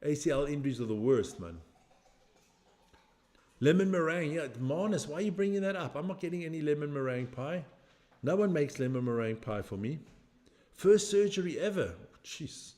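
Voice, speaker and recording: A man's voice: fairly high pitch, animated, moderate pace, warm tone. A middle-aged man hosting a casual live stream, chatting loosely as he reacts to a match, answering viewers' comments and joking about his age. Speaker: watch-along stream host.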